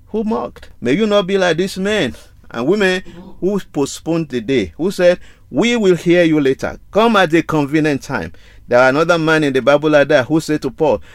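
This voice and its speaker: A man's voice: fairly high pitch, no echo. A man preaching a sermon, reading scripture aloud and pressing his listeners with repeated rhetorical questions. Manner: emphatic, rhetorical questions and repetition.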